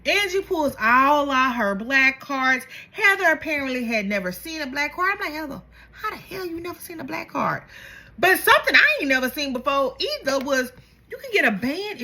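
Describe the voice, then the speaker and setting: A young woman chatting casually as she recaps a reality show, gossipy and animated, acting out the cast's lines. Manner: animated, gossipy, acts out quotes with big pitch jumps.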